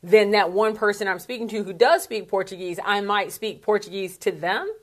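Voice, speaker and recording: A woman's voice: mid-range voice, steady tone, moderate pace. A woman speaking coach talking casually to camera in a vlog, chatty and candid, with plenty of asides.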